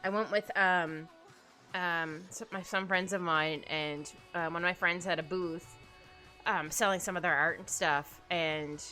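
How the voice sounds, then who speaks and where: A woman's voice: on the low side, bright, forceful tone. A young woman streaming as she draws, chatting casually, giggling often and rambling. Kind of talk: casual chat while drawing on stream. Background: faint background music.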